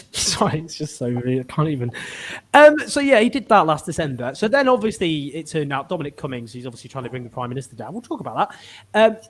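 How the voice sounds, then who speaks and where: A man's voice: fairly high pitch, sing-song, brisk. A man hosting a political chat show, talking in an exasperated, rambling way with many restarts. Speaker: podcast host.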